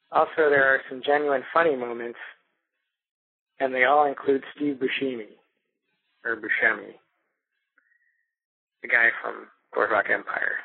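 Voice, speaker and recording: A man's voice: mid-range voice, steady tone, slow, vocal fry, pauses often, breathy edge, dry recording. A man leaving a rambling phone message, correcting himself as he goes. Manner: digressive, self-correcting. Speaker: caller reviewing a movie. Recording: tinny phone line.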